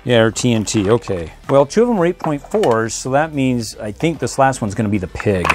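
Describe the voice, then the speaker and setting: Dad host for a toy unboxing vlog, talks casually, gets excited easily, middle pitch. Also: male voice, brisk, faint music behind. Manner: chatty, excitable, laughs often.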